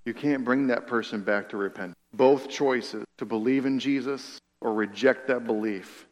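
A man preaching a sermon in an earnest way, repeating phrases for emphasis and dropping to a hush on key lines. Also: mid-range voice, moderate pace, hardly any pauses, big-room sound. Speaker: pastor.

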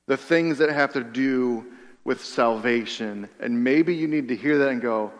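A man preaching a sermon in an earnest way, repeating phrases for emphasis and dropping to a hush on key lines. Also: a little high, normal speed, in a large hall. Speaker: pastor.

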